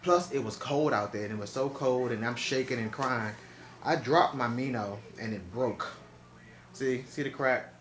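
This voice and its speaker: A man's voice: medium pitch, normal speed, roomy sound. A chatty young man, talking casually to camera at home. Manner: chatty, talks straight to viewers. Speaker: vlogger. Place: indoors at home.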